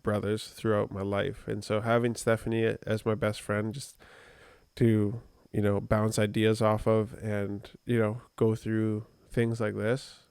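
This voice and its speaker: A man's voice: fairly low pitch, little pitch movement, measured pace, a little mellow, clean tone, no room sound. A man co-hosting a podcast, telling a personal story in a rambling, conversational way with many fillers. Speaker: podcast co-host. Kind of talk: casual podcast chat.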